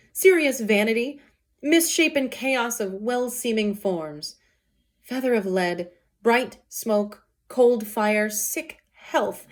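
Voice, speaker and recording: A woman reading the lines of a brooding, lovesick young man in old verse, her pitch lifting as she reads.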